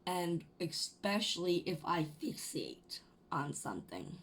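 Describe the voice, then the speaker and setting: A young adult woman ranting to camera in a casual vlog, swearing, restarting her sentences and jumping to loud bursts. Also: on the low side, very animated, slow, slight background noise. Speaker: vlogger.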